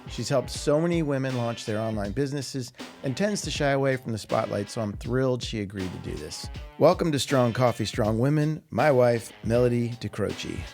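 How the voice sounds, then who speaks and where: A man's voice: medium pitch, moderate pace, few pauses, darkish tone, soft background music. A man hosting a casual podcast, talking in an upbeat, playful way. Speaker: podcast host.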